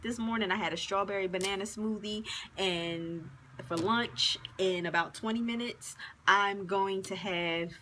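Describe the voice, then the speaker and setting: A woman's voice: mid-range voice, a little slow, sharp tone, a little hiss or hum. A woman in her forties giving frank, chatty advice on her vlog, with plenty of fillers. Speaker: advice vlogger.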